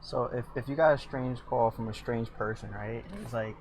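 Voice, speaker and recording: A man's voice: medium pitch, steady tone, normal speed, darkish tone. A young man streaming casually while sculpting, teasing his chat with lots of fillers and jokes. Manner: joking, teasing, chatty with many fillers. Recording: faint background noise.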